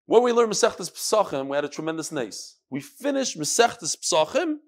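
A man leads a lively Talmud class, peppering his students with questions. His voice sits fairly high for a man, and he moves energetically through each point. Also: brisk. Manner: lively, questioning, mixes Yiddish and Hebrew terms. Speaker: Talmud teacher. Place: classroom or study hall with students.

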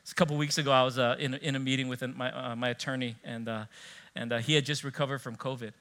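A man preaching a sermon as pastor, telling personal stories in an animated way and acting out the dialogue. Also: mid-range voice, quick pace, smooth. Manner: animated storytelling, acting out dialogue, frequent laughs.

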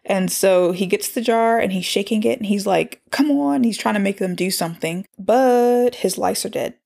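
A woman's voice: medium pitch, normal speed, vocal fry, a little mellow. A woman chattily recapping a cartoon episode, with exasperated asides. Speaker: show recapper. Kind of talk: casual recap and commentary.

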